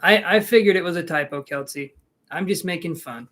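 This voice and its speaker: Chatty man reading tarot live, higher voice. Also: a little fast, noisy background. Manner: chatty, reads viewers' names aloud and jokes. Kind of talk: casual live-stream chat.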